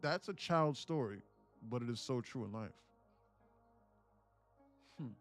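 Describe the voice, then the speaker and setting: Male livestream host, mid-pitched, casual and profane, tells stories. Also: expressive, a little slow, faint music behind. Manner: storytelling, swears freely. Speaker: day trading livestream host.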